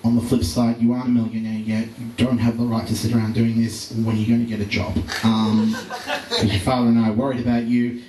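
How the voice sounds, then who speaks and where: A man's voice: mid-range voice, little pitch movement, fast talker, background noise, lightly acted. A man voicing his worried, nagging middle-aged mother in a stand-up set, earnest and fretting. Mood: fretful. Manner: earnest, fretting, advice-giving. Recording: roomy live venue recording from far off.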